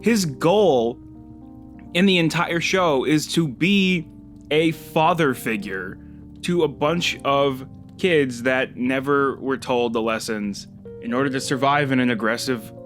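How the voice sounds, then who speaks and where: A man hosting a casual chat reviewing a show, talking in an animated way, swearing freely and jumping up in pitch when moved. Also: slow pace, soft background music. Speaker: host.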